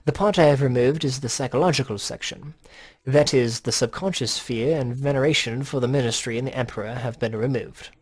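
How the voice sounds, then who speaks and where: A man voicing a calm, formal male strategist who explains things in a measured way. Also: medium pitch, slightly rough, close to an everyday voice.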